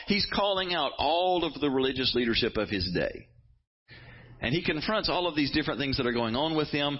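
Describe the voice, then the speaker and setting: A man's voice: on the high side, animated, brisk, husky, lo-fi sound. A man preaching a sermon as a pastor, quoting scripture dramatically and building intensity as he talks.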